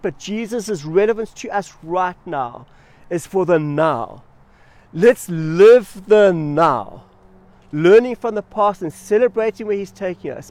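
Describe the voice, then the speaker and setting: A man preaching a sermon as pastor, animated and emphatic, leaning on pauses and repetition. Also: sits high, no echo.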